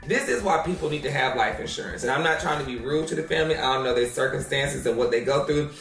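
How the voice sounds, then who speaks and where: A man co-hosting a gossip reaction show, giving casual commentary in an animated, drawling way. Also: mid-range voice, fast talker, reverberant, recorded from a distance, soft background music. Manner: animated, drawling, says "child" often.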